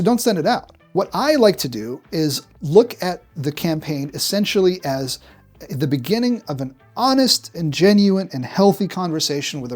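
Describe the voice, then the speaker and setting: Male presenter, direct and punchy, mid-high voice, tutorial delivery. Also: a little mellow. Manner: direct, punchy, acts out examples. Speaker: marketing executive presenting a tutorial. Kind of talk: direct-to-camera business tutorial.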